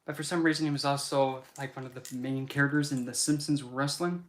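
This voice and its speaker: A man's voice: mid-range voice, fairly even intonation, a little fast. A man hosting a casual livestream Q&A, rambling and often restarting his sentences. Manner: rambling, with frequent restarts and asides. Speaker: livestream host.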